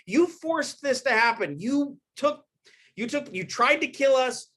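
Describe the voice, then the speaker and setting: A man's voice: very high voice, animated, a little slow, a bit bright, pitched above the performer's own voice, heavily acted. A man voicing an indignant young warrior prince who accuses a rival in a retold epic battle. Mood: accusing.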